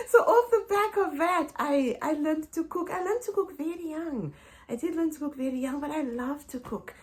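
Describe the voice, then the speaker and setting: A middle-aged Zimbabwean woman vlogs to camera, sharing heartfelt family stories in a high voice with wide pitch swings at a moderate pace. She repeats phrases and often laughs or tears up as she talks.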